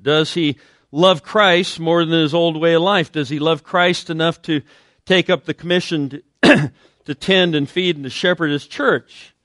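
A man's voice: fairly high pitch, a bit bright, no room sound, clean studio sound. A man preaching a conversational sermon as pastor, using frequent fillers and acting out quotes. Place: church sanctuary.

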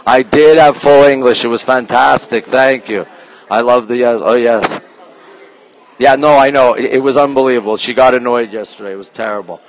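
A man hosting a casual live stream from a phone as he walks through an art museum, reading out artwork titles slowly and greeting viewers by name, sometimes dropping his voice low. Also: fairly even intonation, a little hiss or hum. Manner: talks low at times to keep quiet. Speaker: livestream host touring a museum. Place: indoor art museum gallery.

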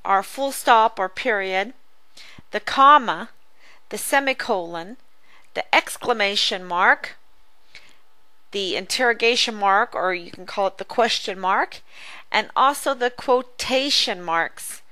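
A woman tutor giving a phonics lesson, speaking slowly and over-enunciating each sound for young readers. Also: mid-range voice, sharp tone, no echo. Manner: slow, careful, over-enunciated teaching. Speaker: reading tutor.

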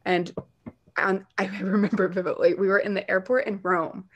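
Woman podcast guest, animated storyteller, mid-pitched, casual and filler-heavy. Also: highs cut off. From based in New York City. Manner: animated storytelling, quick asides and filler words. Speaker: podcast guest, dog-mom influencer. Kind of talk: casual chat.

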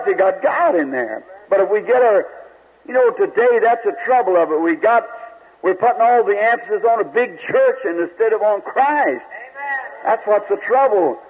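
A man preaching a sermon, telling folksy stories with stammering repeats and quick laughs. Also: high-pitched, slightly rough. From United States. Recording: old tinny radio-quality tape.

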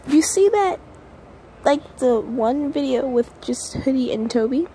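A woman's voice: high-pitched, lively intonation, unhurried, dark tone, a little hiss or hum, low-quality recording. A woman vlogging casually at home to her viewers, nervous and rambling, close to tears. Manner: nervous and rambling, with many restarts and sighs.

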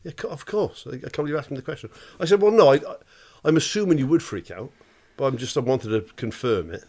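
A man's voice: mid-range voice, animated, fast talker, dark tone. A middle-aged man co-hosting a podcast, blunt and sweary, telling stories with laughing asides. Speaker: podcast co-host. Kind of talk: casual chat.

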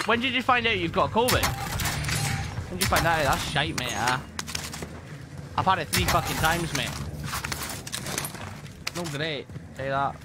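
Gaming live, a man rambles casually to his viewers and swears heavily. He has a high voice, and there's background noise.

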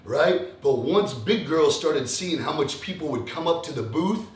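A man's voice: fairly high pitch, a little slow, reverberant, far from the mic. Profane ranting young man from Texas. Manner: animated, profane, mimics others in mocking voices. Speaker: fitness vlogger. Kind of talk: casual ranting monologue.

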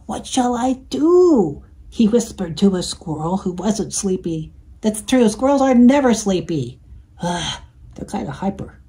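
Woman storyteller for kids, slow, mellow, playful, sing-song. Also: medium pitch, animated, rough recording. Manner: gentle and playful, inviting the listener. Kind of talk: reading a picture book to children.

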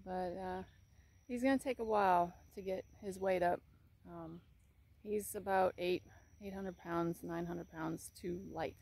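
A woman's voice: on the low side, steady tone, a little slow, creaky. Chatty woman outdoors with her horse. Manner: chatty, soft-spoken, fond baby talk to the horse. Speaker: horse owner vlogger. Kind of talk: casual vlog talk to camera. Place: outdoors in a rural paddock. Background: birds and outdoor ambience.

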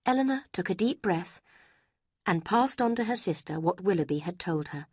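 Breathy woman reading a story. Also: fairly low pitch, normal speed, no echo, studio quality. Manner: clear, steady storytelling. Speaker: narrator. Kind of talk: audiobook narration for learners.

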